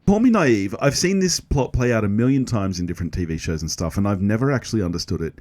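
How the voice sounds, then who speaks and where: This podcast co-host has a lowish, slightly mellow voice and speaks quickly with lively intonation in a clean, echo-free studio recording. His casual chat is jokey, full of laughter and self-deprecating jabs.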